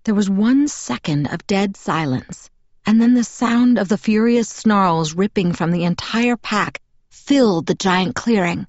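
A woman reading a novel aloud in first person as an audiobook narrator, in a measured, even storytelling manner. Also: medium pitch, no echo, muffled recording.

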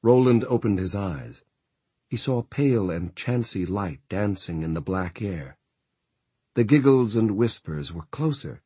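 In a dry, close, booth-like recording free of any room sound, a man narrates a novel as an audiobook. His delivery is steady and measured, and his husky voice sits very low.

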